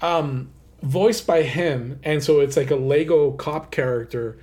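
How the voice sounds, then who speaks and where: A man's voice: a little high, a little slow, darkish tone. A man co-hosting a countdown list show, talking in an enthusiastic, loose way with lots of casual fillers. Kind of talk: casual chat.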